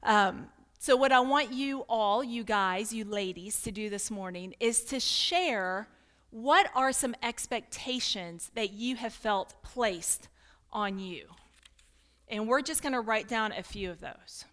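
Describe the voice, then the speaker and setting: A pastor's wife from Kentucky with a slight Kentucky accent, giving an earnest, candid talk to a women's gathering and inviting answers from the room, with light self-deprecating humor. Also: female voice, on the high side, slow, fairly bright tone. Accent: Kentucky with some Northern mix. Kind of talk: candid teaching talk with audience participation.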